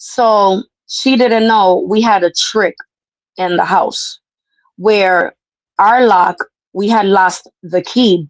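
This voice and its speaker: Woman host, loud and profane storyteller, mid pitch, dry close sound. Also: no echo, rough recording. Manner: brash, profane, animated storyteller. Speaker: podcast host. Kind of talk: casual storytelling chat.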